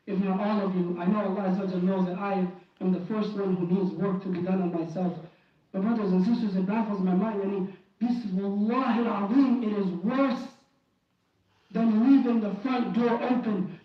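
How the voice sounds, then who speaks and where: A man giving an impassioned Friday sermon in a mosque, pleading and fervent, often restarting and repeating phrases. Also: sits high. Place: mosque prayer hall. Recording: very echoey hall, distant and dull.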